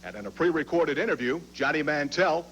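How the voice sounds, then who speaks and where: A man announcing upcoming wrestling shows in a smooth, promotional style. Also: fairly high pitch, lively intonation, fairly quick, a bit bright, muffled recording, a little hiss or hum. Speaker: show announcer.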